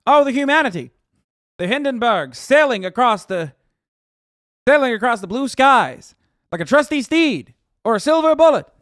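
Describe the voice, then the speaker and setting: A man's voice: extremely high pitch, very animated, moderate pace, a bit bright, no room sound, clean studio sound, pitched above the performer's own voice, full character voice. A man putting on a mock old-timey transatlantic announcer. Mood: mock grandeur. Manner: mocking transatlantic accent, overblown. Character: old-timey male newsreel announcer, theatrical and posh.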